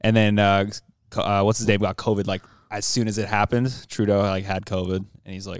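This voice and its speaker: A young man chats loosely, cracking jokes and laughing between riffs. His voice sits a little low, and the sound is close and dry, with no room around it. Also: level tone, a little fast, clear, resonant tone, no echo. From Canada. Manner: joking, riffing, laughing often. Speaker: comedian. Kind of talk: casual podcast chat.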